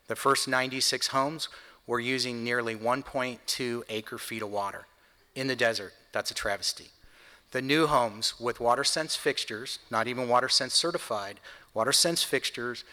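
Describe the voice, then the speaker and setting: A man addresses a conference audience in an earnest, plainspoken way, reaching for everyday comparisons. His voice is strikingly bright and forceful. The sound rings with the long reverb of a large hall. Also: mid-range voice. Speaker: home builder executive speaker. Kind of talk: conference speech.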